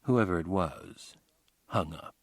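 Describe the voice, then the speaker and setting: A man reading a crime novel aloud as an audiobook narrator, in a wry, even storytelling manner. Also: sits low, slow, no echo. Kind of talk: scripted narration.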